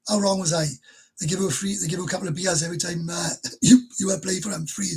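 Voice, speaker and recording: Chatty husky Welsh man in his fifties. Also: high-pitched, fairly even intonation, quick pace, a little mellow. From Wales. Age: 50s. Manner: chatty and emotional, laughs between sentences. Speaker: livestream host. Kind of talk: casual livestream chat. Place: bedroom.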